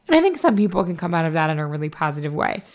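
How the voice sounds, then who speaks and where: A woman co-hosting a podcast, hoarse from a cold, talking casually and bluntly with lots of fillers and swearing. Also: deep voice, big pitch swings, rapid-fire. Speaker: podcast co-host. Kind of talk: casual chat.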